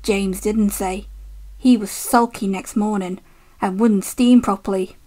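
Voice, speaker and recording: A woman reading a children's storybook aloud, gentle and unhurried. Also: mid-range voice, fairly even intonation.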